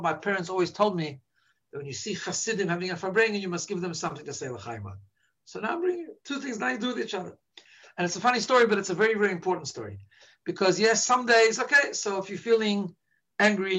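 A man's voice: high-pitched, bright, forceful tone. A man teaching an informal religious talk to a live audience, telling stories and checking in with "right?". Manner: storytelling, frequent "right?" checks.

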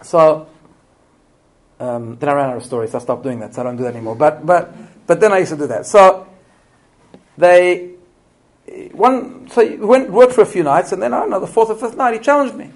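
A man's voice: high voice, brisk, poor audio. A middle-aged man giving a live parenting talk to an audience, telling stories with restarts and asking the room questions. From immigrant to Australia. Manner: animated storytelling with restarts and rhetorical questions. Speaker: parenting lecturer.

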